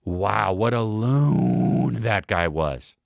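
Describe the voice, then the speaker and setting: A man hosting a podcast, riffing casually and comedically on viral clips in a profane, excitable way, with frequent restarts. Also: on the low side, very slow, vocal fry, dry recording, clean studio sound. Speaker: podcast host.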